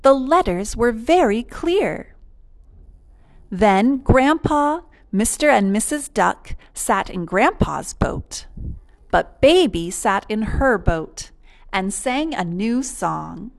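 A woman reading a children's story aloud at a very slow, careful pace. Her fairly high voice rises and falls a lot, with a gravelly creak in it. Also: animated.

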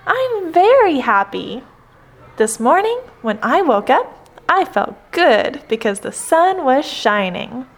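A woman voicing a calm, contented male frog in a storybook read aloud, speaking gently. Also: high voice, slow pace, heavily acted.

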